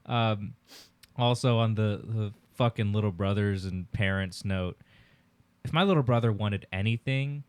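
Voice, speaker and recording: A man's voice: lowish voice, unhurried, clear, resonant tone, dry recording. A young man co-hosting a podcast, telling a childhood story casually, swearing and acting out quotes. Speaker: podcast co-host.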